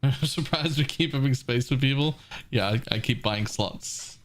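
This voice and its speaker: A man's voice: medium pitch, moderate pace. A man streaming a game live, casually talking through his play, swearing now and then and answering viewers' questions. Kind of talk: casual live gameplay commentary.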